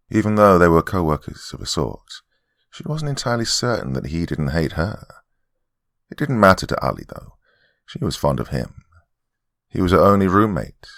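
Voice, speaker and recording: A male horror podcast host reading a scripted tale in a measured, dry storytelling manner. His voice sits extremely low with heavy fry, yet moves lively up and down. The sound is close and dead, with no room around it. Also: no echo.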